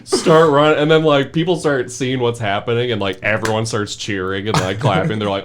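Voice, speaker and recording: A man's voice: medium pitch, a little fast, hardly any pauses, a little hiss or hum. A young man telling a wild story as a podcast guest, laughing often and packing his talk with "like". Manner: animated, laughing, full of "like" fillers. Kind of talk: casual storytelling.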